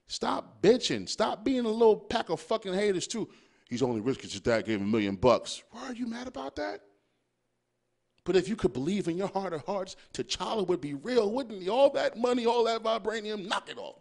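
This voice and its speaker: A young adult man hosting a podcast, delivering a profane, casual monologue full of rhetorical questions. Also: sits high. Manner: animated, swearing freely, riffing with rhetorical questions. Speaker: podcast host.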